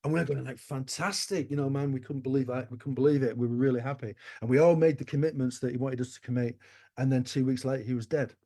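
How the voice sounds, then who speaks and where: A man in his sixties, a musician guest telling stories in an interview, animated and swearing casually. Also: medium pitch, quick pace. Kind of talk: anecdotal interview storytelling.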